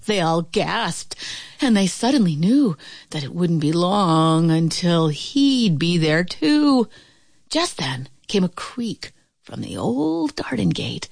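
A woman reading a rhyming picture book aloud in an expressive, playful way. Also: lowish voice, slow, creaky, dry recording. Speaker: storyteller.

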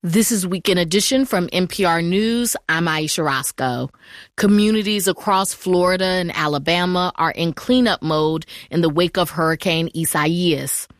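A woman radio host presenting the news in an even, formal way. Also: fairly low pitch, moderate pace, no echo, clean studio sound. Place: radio studio.

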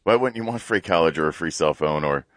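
A man's voice: very deep voice, animated, fast talker, dry recording, studio quality. A man co-hosting a talk radio show, chiming in with teasing jokes. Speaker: radio co-host. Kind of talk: casual talk radio banter.

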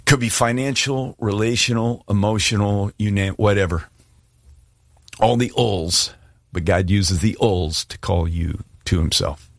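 A man's voice: lowish voice, a little slow, no echo, clean studio sound. A middle-aged man preaching a sermon and making an earnest, pleading altar call. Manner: earnest, pleading, shifts from hushed prayer to emphatic. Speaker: pastor.

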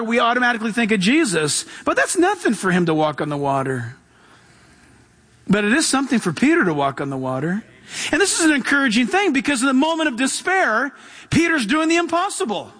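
High-voiced man preaching in an echoing hall. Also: sharp tone. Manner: reads scripture then preaches with call-outs to the congregation. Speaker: pastor. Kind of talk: sermon. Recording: long hall reverb.

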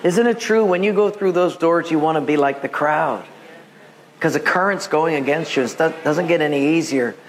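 A male pastor from Hawaii preaching a sermon, telling a story and acting out quotes in an animated voice. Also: on the high side, normal speed, long reverb tail. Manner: animated, acts out quotes with raised voice.

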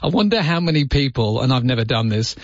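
Male overnight talkback host, friendly and chatty, husky tone, dull radio sound. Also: mid-range voice, sing-song, quick pace, dry recording. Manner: chatty, reads out listener texts and greets callers by name. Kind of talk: late-night talkback radio.

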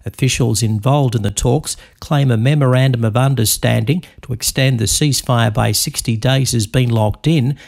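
A man's voice: mid-range voice, gravelly, a little mellow. A man reading a radio news bulletin. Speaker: newsreader.

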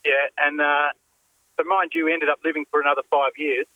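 A man calling a radio show and telling a story in a relaxed, hesitant way. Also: on the high side, brisk, no room sound, phone-quality sound. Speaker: caller.

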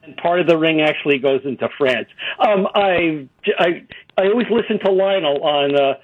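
A man's voice: on the high side, animated, moderate pace, no echo. A man calling in to a radio show, politely correcting the host. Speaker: caller. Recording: tinny phone line.

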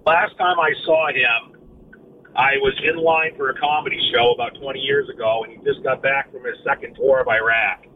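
A man's voice: mid-range voice, steady tone, moderate pace. A man from Maine calls in to a talk show and speaks bluntly and matter-of-factly. His mid-range voice comes through a tinny phone line. Faint background noise sits under it. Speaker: caller.

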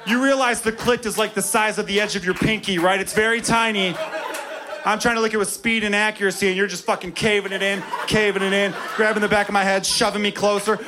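A man doing a crude, animated stand-up set on a comedy club stage before a live audience. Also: high-pitched, brisk, background noise. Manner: crude, animated, conversational delivery to a crowd. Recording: live club recording with crowd laughter.

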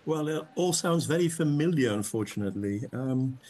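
A man's voice: medium pitch, animated, normal speed, warm tone, breathy edge. A man from Belgium, a Dutch speaker, speaking as a guest on a radio discussion in a wry, thoughtful way. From Flanders, Belgium.

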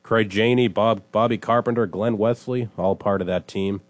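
Animated joke-telling male co-host. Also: on the low side, normal speed, no echo. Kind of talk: casual morning show banter.

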